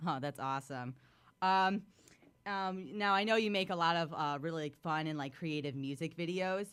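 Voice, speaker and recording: A man's voice: a little high, a bit bright, smooth. A male radio host asking casual questions with eager reactions and lots of fillers. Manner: enthusiastic, quick reactions, filler-heavy questions. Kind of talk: casual interview.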